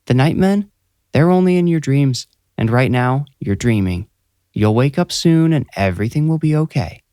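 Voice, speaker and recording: A man voicing a protective mother who soothes her son gently and snaps at her father. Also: fairly low pitch, normal speed, dry recording, clean studio sound, lightly acted. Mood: soothing. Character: protective, sharp-tongued mother.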